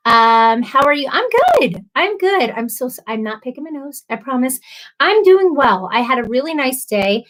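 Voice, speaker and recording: A woman's voice: fairly high pitch, a bit bright, rough recording. A young woman hosting a casual live stream, chatting with viewers in a bubbly, rambling way with many fillers. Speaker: livestream host. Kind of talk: casual livestream chat with viewers.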